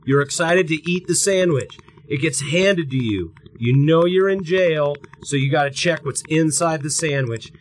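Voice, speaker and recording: A man's voice: on the high side, normal speed, a little hiss or hum, rough recording. A man co-hosting a podcast, telling a long story in a casual, rambling, profane way and acting out what people said. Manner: rambling, profane, acts out quotes. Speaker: podcast co-host.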